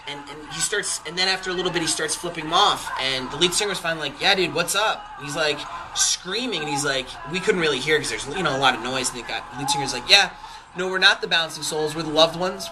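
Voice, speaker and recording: A young man casually telling a rambling, animated anecdote, full of fillers and acted-out quotes. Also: medium pitch, poor audio. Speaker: podcast storyteller.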